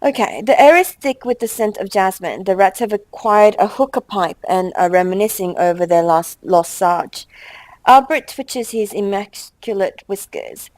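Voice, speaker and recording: A young woman hosts a gameplay session at a mid pitch, talking in a chatty, exasperated way and reading the game's text aloud between her own asides. Her voice is close to the mic and completely dry, with no room sound at all. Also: expressive, normal speed, a little mellow, no room sound, rough recording. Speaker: let's play host.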